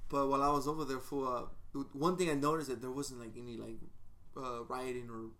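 A man's voice: medium pitch, little pitch movement, fairly quick, bright, forceful tone. A man from Portland telling rambling, slang-filled stories in a casual chat with friends. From Portland, Oregon.

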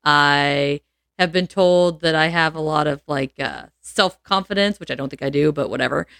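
A woman's voice: sits low, normal speed, gravelly, no echo, studio quality. Chatty woman telling a story. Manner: animated, laughs often, acts out quotes. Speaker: podcast co-host. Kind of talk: casual storytelling chat.

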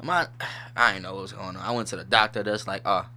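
Bright-voiced laid-back man hosting a podcast. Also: on the low side, fairly even intonation, quick pace. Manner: laid-back slangy rambling, laughs often. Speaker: podcast host. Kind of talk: casual solo podcast chat.

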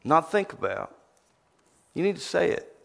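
A man's voice: fairly high pitch, very animated, a little slow, gravelly. A man preaching a sermon, reading scripture aloud and teasing the crowd with rhetorical questions.

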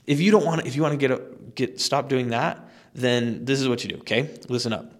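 A man's voice: medium pitch, quick pace. Emphatic man giving dog training tips. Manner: conversational, emphatic, with frequent fillers and restarts. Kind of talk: instructional podcast talk.

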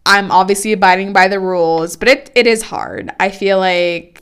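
Smooth-voiced woman telling a story. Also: medium pitch, animated, normal speed, hardly any pauses. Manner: chatty storytelling with many fillers. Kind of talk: casual chat.

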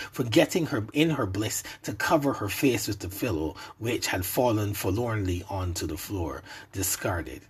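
A man narrating an adult story in a soft, intimate way, sometimes dropping to a whisper. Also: fairly low pitch, husky.

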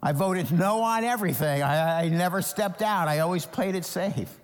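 A man from New Jersey preaching a sermon as pastor, animated, acting out Bible characters in quoted voices. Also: sits high, moderate pace, long reverb tail.

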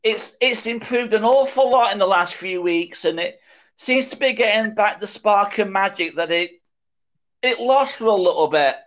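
A man's voice: high-pitched, moderate pace, fairly bright tone. A man from Sheffield with a Northern English accent, a guest in a casual chat, dry and self-assured. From Sheffield, England.

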